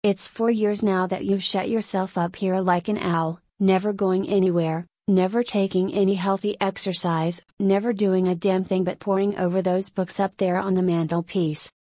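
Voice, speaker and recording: A woman's voice: medium pitch, steady tone, normal speed, hardly any pauses, warm tone, no echo, clean studio sound, close to an everyday voice. A woman voicing a jaunty young male cavalry officer in an audiobook, speaking in an offhand, teasing way. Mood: breezy.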